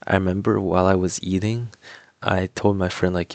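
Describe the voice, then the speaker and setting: Working on a puzzle while he talks, this young Torontonian man, a vlogger, rambles casually through a personal story, filling it with "like" and "um" and mumbling laid-back asides. He speaks at normal speed in a low, flat voice, and the recording is dry.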